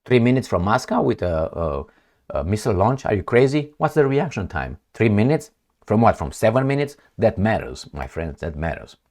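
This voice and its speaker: Animated man, sarcastic commentary. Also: medium pitch, normal speed. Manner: animated, sarcastic, acts out imagined dialogues. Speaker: political commentator. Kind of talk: opinionated news commentary.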